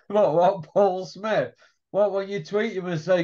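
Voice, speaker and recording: A man trades banter on a podcast, quick with questions and jokes. His voice sits slightly high but sounds mellow. The audio comes through dull and lo-fi. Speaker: podcast co-host. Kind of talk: casual chat about boxing. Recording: dull lo-fi line.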